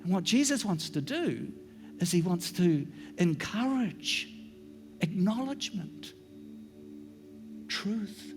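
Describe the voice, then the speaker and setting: A middle-aged male pastor preaching a sermon in a church, sometimes dropping into hushed whispers for emphasis. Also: high voice, very animated, unhurried, soft background music.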